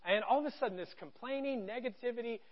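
Pastor guy preaching, kinda high voice, jokey and chatty, muffled church recording. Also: fast talker. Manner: conversational and joking, with swings from quiet to loud. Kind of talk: sermon. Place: church stage.

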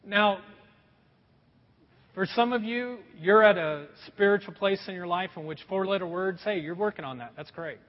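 A man's voice: sits high, normal speed, in a large hall, lo-fi sound. A middle-aged man preaching a sermon in a church, telling folksy stories and calling his congregation folks. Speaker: pastor. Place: church sanctuary.

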